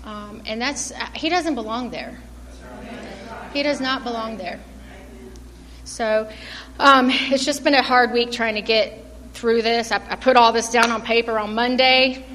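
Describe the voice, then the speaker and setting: A woman's voice: fairly high pitch, steady tone, a little slow, long pauses, a bit bright. A middle-aged woman giving an informal church sermon, earnest and self-deprecating, laughing often. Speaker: lay preacher. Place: church hall. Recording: long hall reverb, faint room noise.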